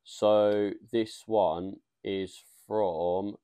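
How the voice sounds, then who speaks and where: A young man co-hosting a laid-back podcast, talking in a low, deep register. He is blunt and laughs easily, and he reads out listener questions in a casual chat. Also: steady tone, very slow, warm tone, clean tone. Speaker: podcast co-host.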